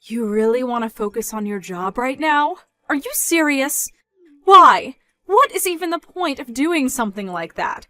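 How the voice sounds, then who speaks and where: A woman's voice: animated, normal speed, no echo. A woman voicing a scornful, controlling middle-aged mother who mocks and scolds in a dramatized story. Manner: mocking, loud, rising in pitch when scolding.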